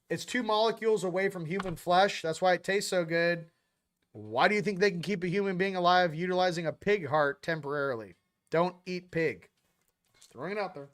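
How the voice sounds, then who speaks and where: Rambling slangy man, fairly high voice. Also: brisk, fairly bright tone. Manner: rambling, slangy, jumps between topics. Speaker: host. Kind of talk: casual spiritual livestream chat.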